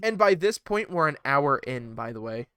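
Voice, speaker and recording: A man's voice: on the high side, moderate pace, smooth, dry recording. A man co-hosting a casual podcast, talking animatedly with lots of swearing and laughter. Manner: animated, profane, laughs often, acts out wrestlers' lines. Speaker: podcast co-host.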